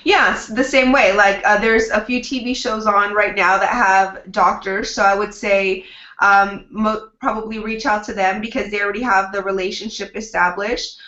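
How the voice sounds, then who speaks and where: This is a woman publicist in a casual interview, talking in an upbeat, chatty way. Her tone is bright and forceful. She acts out snippets of what she says to clients. The recording is roomy and somewhat lo-fi. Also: mid-range voice, steady tone, moderate pace. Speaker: publicist, guest. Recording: roomy, dull lo-fi sound.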